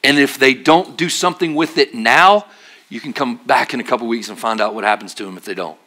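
A man preaching a sermon at church, telling stories with jokes and acted-out voices, then dropping to a quiet, earnest tone for serious points. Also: mid-range voice, fairly quick. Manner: animated, jokey storytelling with acted-out voices. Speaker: pastor.

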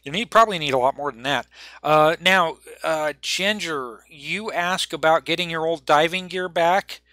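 A man running a tabletop game as game master, relaxed and rambling, laughing often. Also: a little high, normal speed, no room sound.

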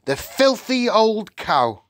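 A spoiled, loud-mouthed boy squeaks out his outrage in a high, bouncing voice, as a man reads him for an audiobook. The delivery is unhurried and the sound close and dry. He blusters and shouts like a boy used to getting his way. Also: expressive, dry recording. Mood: indignant. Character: loud-mouthed greedy boy turned mouse.

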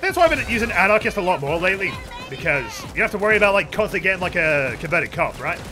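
A young man giving goofy, excitable commentary while streaming a game, with sudden yells. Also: high-pitched, fast talker. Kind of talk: casual gaming commentary. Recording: game music playing behind.

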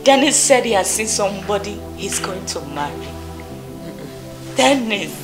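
A woman's voice: medium pitch, very animated, measured pace, music in the background. An actress playing a distraught, tearful young woman who has been jilted, speaking Nigerian English. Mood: despairing. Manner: crying, despairing. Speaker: daughter.

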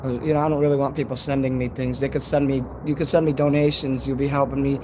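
A man with a Chicago accent rambles through a casual live-stream chat outdoors at night. His pitch sits in the middle for a man, and he talks in a loose, chatty way that is full of swearing. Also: flat delivery, fast talker, background noise. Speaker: livestreamer.

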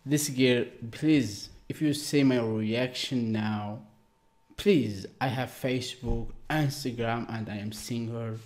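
A man from Algeria hosting a reaction video, talking excitedly in broken English with many exclamations. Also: mid-range voice, slow pace.

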